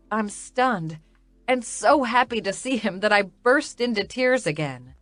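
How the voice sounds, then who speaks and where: Slow-reading woman audiobook narrator. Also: on the high side, expressive, a bit bright, no room sound, soft background music. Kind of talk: scripted first-person romance narration.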